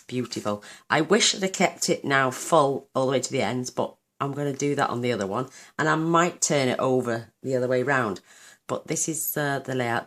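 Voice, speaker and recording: A woman hosting a card-making tutorial, chatting enthusiastically while she works, her voice a little croaky. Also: very deep voice. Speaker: craft channel host.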